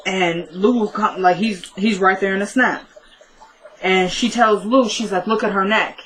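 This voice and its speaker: A woman's voice: medium pitch, steady tone, unhurried, a bit bright, a little hiss or hum, rough recording. A woman casually recapping a TV episode, retelling the dialogue in a chatty way. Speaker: TV recap vlogger.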